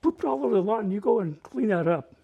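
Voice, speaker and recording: A woman's voice: mid-range voice, lively intonation, brisk, vocal fry, slightly rough, phone-quality sound. An older man voicing a no-nonsense mother of a big family, scolding. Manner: bossy, scolding.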